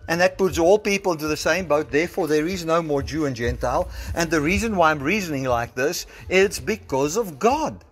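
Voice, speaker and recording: A South African man delivers a sermon in a slightly higher voice. He reasons through a passage step by step and slows down to stress the scripture he quotes. The sound comes from a phone recording made in a church. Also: expressive, faint music behind. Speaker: preacher.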